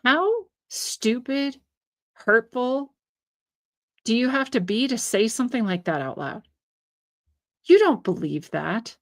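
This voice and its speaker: A woman's voice: mid-range voice, very animated, normal speed. A woman giving an opinionated solo commentary, indignant and sarcastic, hammering her points with emphasis. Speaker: political commentator.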